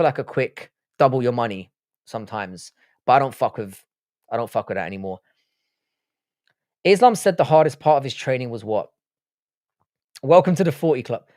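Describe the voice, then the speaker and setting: A man's voice: medium pitch, animated, normal speed, long pauses, a little mellow, dry recording, clean studio sound. A man from Ireland with a British accent, hosting a livestream and chatting casually and bluntly as he reads out viewer comments, swearing freely. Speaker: livestream host.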